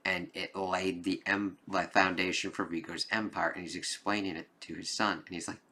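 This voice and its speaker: Lowish, forceful man rambling in a film review. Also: flat delivery, moderate pace. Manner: rambling, with many "like"s and frequent swearing. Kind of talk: casual spoken film review.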